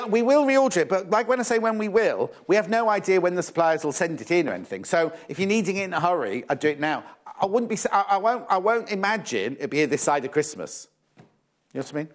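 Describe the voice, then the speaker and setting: Lively chatty British TV presenter man. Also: high voice, fairly quick. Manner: chatty, teasing, repeats prices. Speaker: shopping channel presenter. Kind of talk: live shopping demo.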